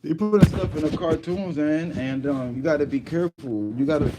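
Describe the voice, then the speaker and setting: A man's voice: on the high side, a little fast, heavy background noise. A man in his thirties hosting a casual livestream, telling stories and reading viewer comments, rambling with frequent restarts and fillers. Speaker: livestream host.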